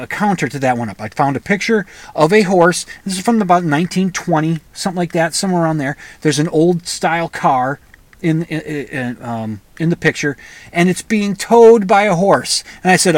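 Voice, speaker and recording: A man's voice: on the high side, lively intonation, moderate pace, no room sound. A man hosting a podcast, talking in a rambling, opinionated monologue with frequent restarts. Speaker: podcast host. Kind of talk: casual monologue.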